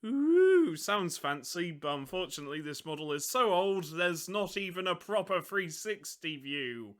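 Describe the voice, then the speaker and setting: A man's voice: on the high side, normal speed, bright, forceful tone. A man hosting a casual hobby chat, rambling and self-mocking, often breaking into giggles. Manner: giggly, keeps breaking into laughter. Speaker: hobby channel host.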